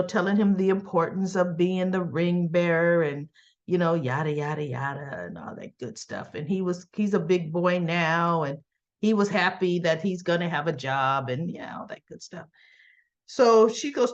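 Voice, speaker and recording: A woman's voice: on the low side, normal speed, highs cut off. A woman casually recapping a soap opera episode in a chatty way, with fillers and laughs.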